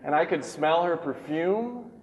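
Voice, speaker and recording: A man's voice: unhurried, highs cut off. Self-mocking man telling stories in an echoey hall. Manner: animated, self-deprecating, acts out voices in high squeaks. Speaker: keynote speaker. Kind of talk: comedic storytelling talk. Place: large hall. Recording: echoey hall with long reverb.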